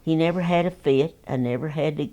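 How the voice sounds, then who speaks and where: A woman's voice: sits low, brisk, mellow. A woman, telling oral history stories in a folksy, rambling, plainspoken way. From Texas. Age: 90s. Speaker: interviewee.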